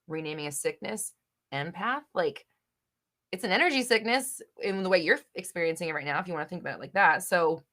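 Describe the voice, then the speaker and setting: A young woman hosting a live chat, reading viewer questions and answering bluntly, with swearing and bursts of loud exasperation. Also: animated, brisk. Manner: blunt, swears, swings between low murmur and loud exasperation.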